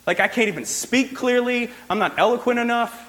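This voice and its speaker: A male preacher voicing an anxious, reluctant leader who pleads and complains in a whiny, high voice. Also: fairly quick, fairly bright tone, long reverb tail. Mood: pleading.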